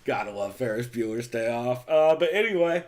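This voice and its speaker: A man's voice: mid-range voice, expressive, moderate pace, a little mellow. A man hosting a podcast, chatting casually with a co-host in a profane, joking way.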